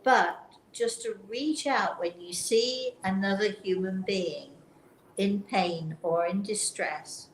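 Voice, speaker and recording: Picture a woman hosting a talk show, sharing a personal story in a gentle, earnest voice that often stops and restarts. Her voice carries a roomy echo, and a faint hum sits underneath. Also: medium pitch, slow. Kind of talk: casual chat, personal storytelling. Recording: roomy sound with faint background noise.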